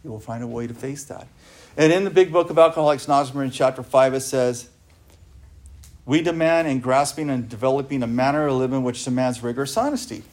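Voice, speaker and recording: A man's voice: medium pitch, fast, darkish tone. A man giving an earnest recovery talk, speaking emphatically and often asking his listeners rhetorical questions.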